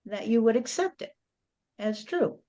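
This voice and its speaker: A woman's voice: a little high, lively intonation, measured pace, warm tone, muffled recording. Blunt lecturing woman channeling a spirit. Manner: blunt, lecturing, repeats "you see". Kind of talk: channeled spirit talk, speaking as God.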